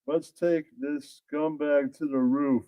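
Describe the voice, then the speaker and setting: A man's voice: a little high, fairly even intonation, slow, clear, resonant tone, dry recording, muffled recording. A man voicing a crude male mob enforcer who bullies and insults a debtor. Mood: threatening. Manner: profane, bullying, insulting.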